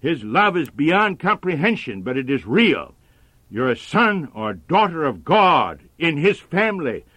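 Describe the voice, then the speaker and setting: A man preaching a sermon in a measured, earnest manner. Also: a little high, sharp tone, no room sound.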